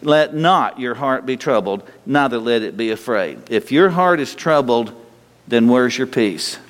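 A male pastor delivers a conversational sermon, asking his listeners questions and answering in God's voice at a slower, softer pace. His voice sits at an ordinary middle pitch. The sound carries the long reverb of a large hall. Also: animated. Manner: conversational preaching, voices God's replies in a slow gentle tone.

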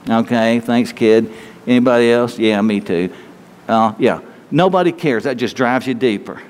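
A man preaching a sermon, telling a story and acting out its voices, now and then dropping to a hush. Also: mid-range voice, normal speed. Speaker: pastor. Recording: long hall reverb.

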